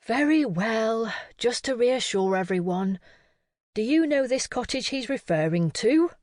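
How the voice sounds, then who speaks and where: A woman voicing a sensible, cautious middle-aged amateur sleuth with a measured way of talking. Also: a little high, lively intonation, darkish tone, dry recording, studio quality.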